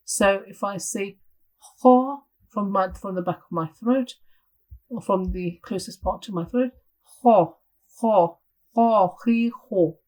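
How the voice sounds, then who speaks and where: A woman's voice: mid-range voice, a little slow, darkish tone, rough recording. Woman patiently teaching pronunciation. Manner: demonstrates sounds, patient explanations. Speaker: Tajweed teacher trainer. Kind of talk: instructional lesson.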